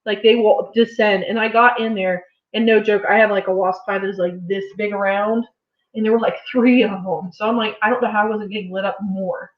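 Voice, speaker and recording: A young woman co-hosting a farm livestream in casual chat, animated and laughing often. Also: mid-range voice, brisk. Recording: roomy, slightly dull livestream audio.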